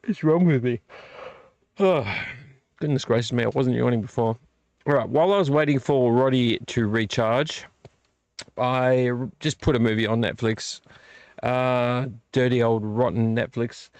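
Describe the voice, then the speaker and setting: A man's voice: medium pitch, moderate pace, a little mellow, dry recording. A middle-aged man hosting a casual late-night live vlog, tired and yawning, rambling and correcting himself as he chats with viewers at his desk microphone. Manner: rambling, self-correcting, chatty with live chat. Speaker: vlog host. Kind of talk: casual live-stream chat. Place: home collection room.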